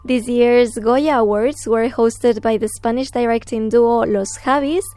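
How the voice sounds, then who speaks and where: A woman presenter reading scripted news in a measured, even newsreader delivery. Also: fairly high pitch.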